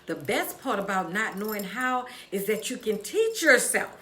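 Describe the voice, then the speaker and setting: A woman's voice: mid-range voice, very animated, normal speed, sharp tone, roomy sound, a little hiss or hum. A woman hosting a live stream from her cafe, giving encouraging, preachy talk to viewers she calls y'all. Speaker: livestream host and author. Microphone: phone or camera live stream.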